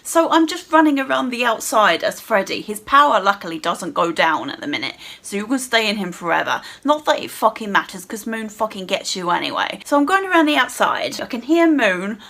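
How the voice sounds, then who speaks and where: A woman giving a furious, swear-filled gaming rant, exasperated and animated. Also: mid-range voice, a little fast, vocal fry, few pauses. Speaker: gaming vlogger.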